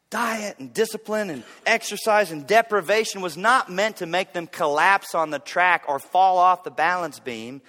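A man in his forties preaching a sermon in a church, telling stories in an animated way with loud bursts of effort. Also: high voice, moderate pace, hardly any pauses, in a large hall. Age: 40s. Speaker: pastor. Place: church sanctuary.

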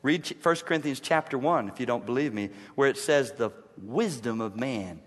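A male pastor preaching a sermon in a church, emphatic, repeating key lines and dropping to a low, intense hush. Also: animated, moderate pace, few pauses, long reverb tail. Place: church sanctuary.

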